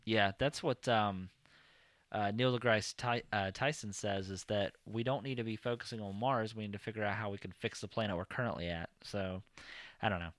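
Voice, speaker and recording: A man's voice: lowish voice, steady tone, moderate pace, a bit bright, no room sound. A man hosting a casual podcast, rambling through news with many ums and uhs. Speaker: podcast host. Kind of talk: casual chat.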